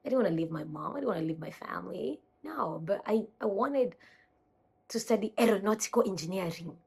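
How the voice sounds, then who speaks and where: A woman's voice: mid-range voice, animated, a little fast, gravelly, darkish tone, slightly rough. A young woman from Kenya chatting casually into her phone camera at home, rambling and correcting herself as she talks to her viewers. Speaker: vlogger.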